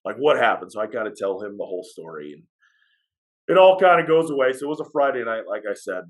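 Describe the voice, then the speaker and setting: Animated man telling a story. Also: lowish voice, fast talker, poor audio. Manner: animated storyteller who acts out what others said. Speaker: high school athletic director. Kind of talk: storytelling on a podcast.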